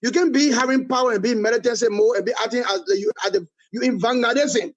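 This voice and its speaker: A man's voice: very high-pitched, fast talker, lo-fi sound. A middle-aged man with a Liberian accent, answering interview questions with emphatic political criticism, hammering points by repeating them. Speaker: political movement leader, guest.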